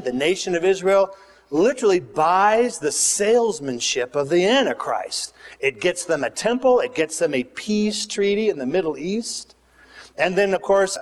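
Pastor, male, high-pitched, animated sermon delivery in a reverberant church hall. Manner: animated preaching, swings between loud and hushed.

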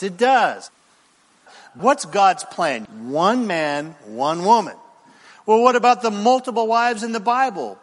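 A man preaching a sermon, animated, with rhetorical questions to the congregation and dramatic pauses. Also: high-pitched. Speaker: pastor. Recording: long reverb in a large hall.

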